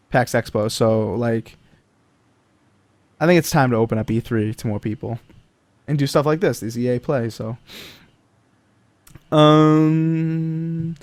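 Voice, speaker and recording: A man's voice: mid-range voice, dry recording. A man hosting a casual gaming podcast, rambling with many fillers and reading out chat comments. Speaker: podcast host.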